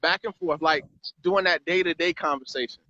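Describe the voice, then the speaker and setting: A man's voice: on the high side, moderate pace, sharp tone, dry recording. A man hosting a casual live stream chat about marketing, rambling and repeating words. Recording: dry, slightly muffled live stream audio.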